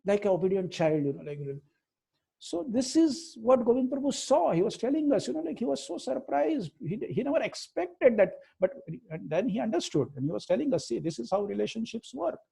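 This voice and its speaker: A man's voice: extremely high pitch, big pitch swings, a little fast, gravelly, dark tone, breathy edge, low-quality recording. A middle-aged man with an Indian accent giving an informal religious class, mixing Hindi and English and telling stories with acted-out quotes. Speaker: spiritual teacher.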